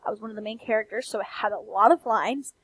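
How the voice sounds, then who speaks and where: A young woman with a country accent, ranting in a soft-spoken late-night vlog, candid and blunt with frequent swearing. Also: mid-range voice, fast, breathy edge, low-quality recording. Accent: American country. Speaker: vlogger. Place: quiet room late at night.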